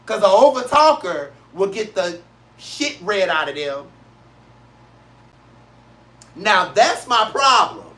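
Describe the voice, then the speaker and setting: A show host from St. Louis rants in a casual, blunt way, hammering his points with repetition. His voice is bright and forward, his delivery emphatic and profane. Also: sits high, very animated, slow pace, pauses often. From St. Louis, Missouri, USA. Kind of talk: casual solo talk-show rant.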